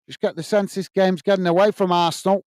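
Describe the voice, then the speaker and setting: A man's voice: sits high, steady tone, fast talker, a little mellow, no echo, clean studio sound. A man hosting a football watch-along, chatting casually, reading out viewer messages and calling the play. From United Kingdom. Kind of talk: casual live commentary and chat reading.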